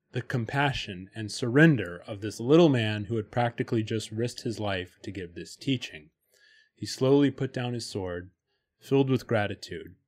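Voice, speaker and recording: A man's voice: mid-range voice, a little mellow. A man hosting a podcast, talking casually and at length with frequent fillers, sometimes reading passages aloud. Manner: talkative, many fillers and restarts, reads passages aloud. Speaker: podcast host. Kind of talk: casual chat about spirituality.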